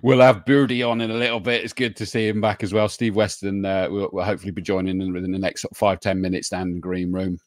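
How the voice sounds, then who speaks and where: A man's voice: low-pitched, flat delivery, fast talker, hardly any pauses, no echo, clean studio sound. Jokey man hosting a stream. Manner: jokey, reads out viewer names with greetings. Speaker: host. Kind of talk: casual live-stream chat.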